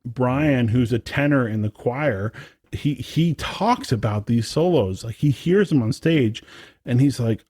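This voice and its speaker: A young man co-hosts a podcast in loose, casual chat. He rambles enthusiastically, piling up fillers and restarts. His mid-pitched voice sounds dry and close, with no room around it. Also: measured pace, warm tone, dry recording. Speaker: podcast co-host.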